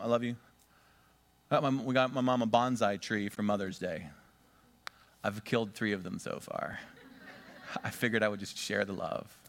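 Male pastor, mid-pitched voice, sermon delivery, emphatic stresses, call-and-response with the congregation. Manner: emphatic, swings between loud stresses and quiet asides.

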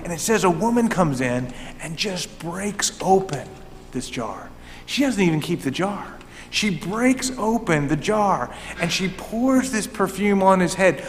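A man preaching a sermon in a church, animated and emphatic, with frequent restarts, speaking into a microphone. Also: sits high, measured pace, big-room sound, slight background noise. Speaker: pastor. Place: church sanctuary. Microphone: handheld or stand microphone.

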